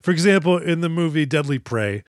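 A man's voice: on the high side, expressive, fairly quick, no room sound, studio quality. A man co-hosting a podcast, retelling a movie in a casual, profane and laughing way. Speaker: podcast co-host. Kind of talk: casual movie-review chat.

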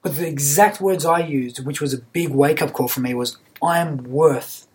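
A young man, a podcast guest telling his story in an earnest, halting way, often repeating words. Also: on the high side, a little hiss or hum. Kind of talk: casual storytelling.

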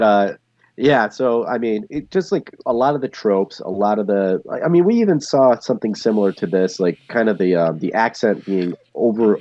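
Lower-voiced man on a dull dry mic. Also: dark tone, dry recording. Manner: retells plot, acting out lines loosely. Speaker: podcast co-host. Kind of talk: casual chat recapping a TV episode.

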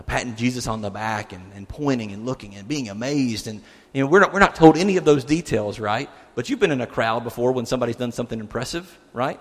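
A male pastor giving a conversational sermon, putting rhetorical questions to his listeners. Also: mid-range voice. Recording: long hall reverb.

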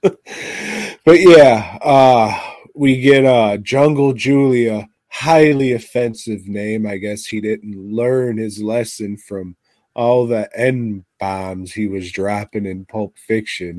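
A man co-hosting a podcast, talking about movies in a crude, sarcastic way full of swearing and sudden loud outbursts. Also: lowish voice, slow, no echo. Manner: profane, sarcastic, animated outbursts. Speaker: podcast co-host. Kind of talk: crude casual film chat.

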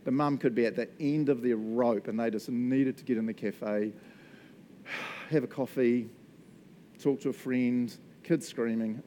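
Man, New Zealand accent, sermon, lively anecdotes, laughs a lot, faint background rumble. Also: normal speed. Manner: animated storytelling, laughs often. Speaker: pastor.

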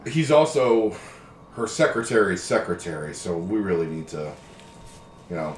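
A man playing in a tabletop game, chatting casually and joking. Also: low-pitched. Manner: joking, quick to laugh. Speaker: player. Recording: roomy echo with faint room noise.

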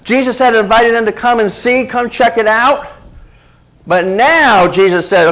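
A middle-aged male preacher delivering a sermon, swinging between hushed asides and emphatic rhetorical questions. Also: extremely high pitch, measured pace.

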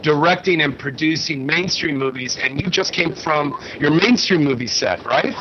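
A high-voiced man emceeing a fan signing in a busy store, full of jokes and hype. The recording is muffled and slightly noisy. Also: moderate pace, pushed and bright. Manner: joking, hyped emcee. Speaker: event host. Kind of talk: live event hosting banter.

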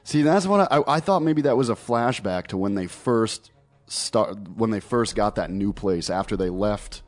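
A man with a fairly low voice hosts a casual podcast. He jokes around and is quick to laugh. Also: animated, faint music behind. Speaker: podcast host. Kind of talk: casual chat.

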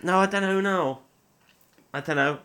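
A man's voice: high voice, moderate pace, crowd noise. A young man, co-hosting a casual film podcast, swearing and laughing as he chats. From Northern England. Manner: banters and swears, laughing often. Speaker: podcast co-host.

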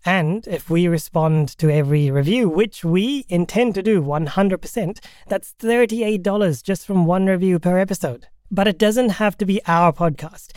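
A man running a tabletop role-playing game podcast as game master, narrating in a relaxed, chatty way. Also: high voice, moderate pace, hardly any pauses, no echo, studio quality.

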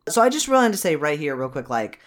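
Animated guy on a podcast, talks fast in bursts, swears a lot, super lively voice. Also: on the high side. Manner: rambling, profane, animated, quick bursts. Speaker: podcast co-host recapping a movie. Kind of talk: casual chat.

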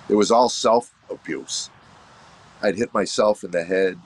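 A middle-aged man, a comedian, telling his personal story in an earnest, reflective way, halting and restarting. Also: low-pitched. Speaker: comedian guest.

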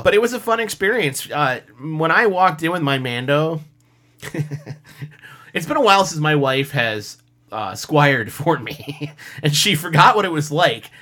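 A man on a casual podcast chat, telling animated stories full of fillers and laughs. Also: mid-range voice, normal speed. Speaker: podcast co-host, costumer.

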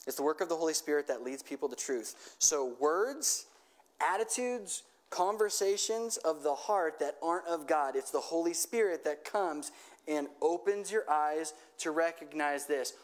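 A man's voice: a little high, expressive, moderate pace. A man preaching a sermon in a conversational way, checking in with his listeners and leading them in a prayer. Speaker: pastor.

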